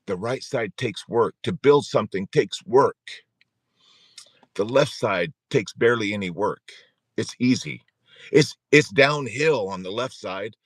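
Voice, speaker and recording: A man in his forties with a low voice hosts a live-streamed support talk. He is earnest and repeats himself for emphasis, with frequent little chuckles. The sound is dry and close. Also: animated, a little slow, no echo. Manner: earnest, repetitive, chuckles often. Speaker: support group host.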